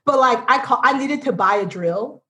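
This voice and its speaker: A woman co-host tells family stories in a lively, animated way, voicing the people she quotes. Her voice is a bit higher than most. She is chatting casually. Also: normal speed. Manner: animated storyteller, acts out quotes. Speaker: podcast co-host. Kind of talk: casual chat.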